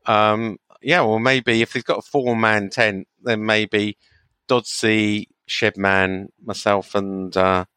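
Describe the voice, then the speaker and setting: A man with a lowish voice answering questions on a chat podcast in a relaxed, easygoing way. He weighs his opinions out loud and chuckles along with his co-host. The recording is dry and close to the mic. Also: slow pace, clear, resonant tone, no room sound. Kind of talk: casual chat.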